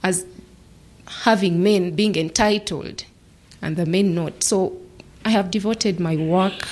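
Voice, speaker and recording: A woman in her thirties, a lawyer, telling a personal story in a measured way and dropping often into hushed whispers. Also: on the low side. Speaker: human rights lawyer.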